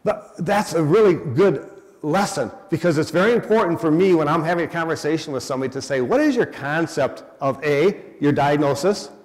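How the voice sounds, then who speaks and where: A man's voice: on the high side, lively intonation, a little fast. Man speaking in an echoing hall. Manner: conversational, quizzes the audience. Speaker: guest speaker, hospice educator. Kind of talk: storytelling talk to an audience. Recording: long hall reverb.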